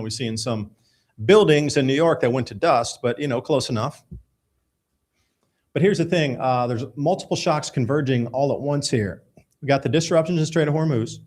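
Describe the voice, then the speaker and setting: A man's voice: medium pitch, darkish tone. A man hosting a live radio show, talking casually and emphatically while walking through news articles. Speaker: host.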